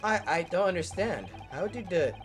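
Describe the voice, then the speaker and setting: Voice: medium pitch, animated, moderate pace, natural voice. A streamer voicing an earnest, flustered young male lawyer, reading game dialogue aloud over faint game music. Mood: puzzled.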